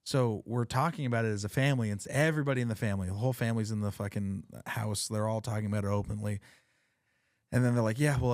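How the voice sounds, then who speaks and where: A man hosting a podcast, telling funny family stories in a casual, profane, animated way. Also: lowish voice, dry recording, studio quality. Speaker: podcast host. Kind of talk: casual chat, storytelling.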